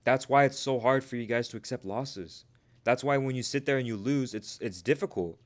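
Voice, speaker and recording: A man's voice: medium pitch, normal speed. A man coaching traders on a live stream, talking casually and emphatically to his viewers, often calling them "bro" and asking "right?". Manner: addresses viewers as "you guys" and "bro", repeats "right?"; emphatic, preachy motivational delivery. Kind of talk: live-stream talk answering chat.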